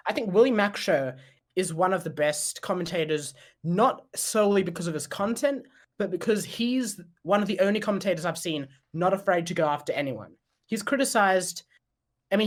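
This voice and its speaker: A man co-hosting a podcast, talking casually with hesitant restarts and throat clearing. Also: high-pitched. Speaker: podcast co-host. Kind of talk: casual chat.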